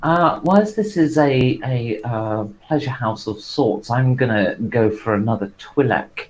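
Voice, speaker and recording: A man playing a tabletop role-playing game, describing his character's actions in a halting, hesitant way. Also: mid-range voice, poor audio. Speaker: player.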